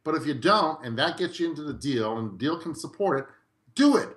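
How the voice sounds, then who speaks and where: A middle-aged man, a guest in a podcast interview, telling his story in a lively way and acting out quoted dialogue. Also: a little high, brisk. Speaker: guest real estate investor.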